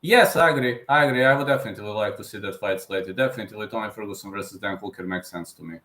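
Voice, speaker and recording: A man's voice: on the low side, fast, bright, forceful tone, echoey room. A man hosting a live stream question-and-answer, speaking hesitantly with many fillers and non-native phrasing. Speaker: host.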